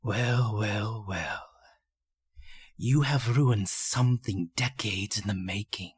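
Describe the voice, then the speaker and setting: A man voicing a contemptuous inhuman male creature, speaking low with whispered scorn. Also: normal speed, natural voice.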